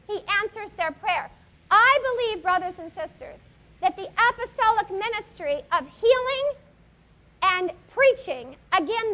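A woman in her thirties preaching a sermon, telling stories with animation and putting questions to the congregation. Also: very high-pitched. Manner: animated storytelling, asks the audience questions.

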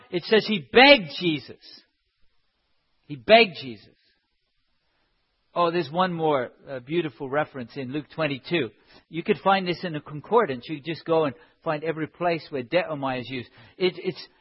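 A man's voice: fairly high pitch, animated, moderate pace, breathy edge. A man preaching a sermon in an impassioned way, building up to emphatic cries. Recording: dull sound in a reverberant hall.

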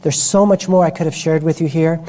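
A man's voice: a little high, steady tone, a little fast, mellow. A man preaching a sermon who tells personal stories with frequent restarts and self-corrections.

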